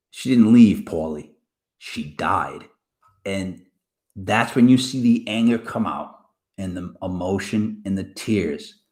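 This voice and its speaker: A man's voice: mid-range voice, roomy sound. An older man hosting a sports talk show, giving his casual opinions with rambling restarts and plenty of fillers. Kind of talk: casual opinion rant to camera.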